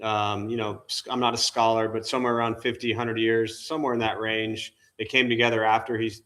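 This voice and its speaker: A man's voice: lowish voice, flat delivery, a little fast, a bit bright. A male meditation teacher giving an informal dharma talk, conversational, often asking his listeners questions. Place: temple meditation hall.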